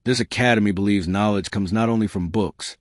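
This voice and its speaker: A man's voice: on the low side, brisk, dry recording, clean studio sound, lightly acted. A man reading as a formal alien professor. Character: tall thin alien male professor, formal and strict.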